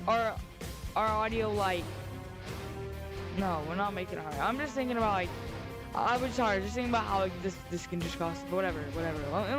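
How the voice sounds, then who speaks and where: Woman, casual sports vlogger, smooth and fairly high, dry close sound, rambling with lots of restarts. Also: no room sound. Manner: rambling, halting, frequent restarts and self-corrections; excitable, jumps up in pitch when outraged.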